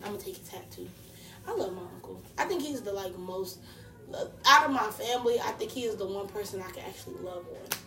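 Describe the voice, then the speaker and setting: A woman's voice: mid-range voice, brisk. A woman from co-hosting a casual podcast, telling stories animatedly and acting out the people she quotes. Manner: animated storyteller, acts out quotes. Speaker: podcast co-host. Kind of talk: casual chat. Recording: echoey room, distant mic.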